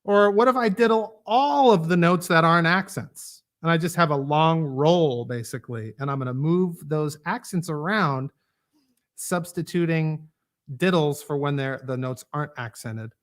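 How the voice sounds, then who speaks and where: In this live online drum lesson, the instructor, a man with a slightly high voice speaking at normal speed, casually explains rudiments and counts off exercises as he plays. Loud drumming and clicks fill the background.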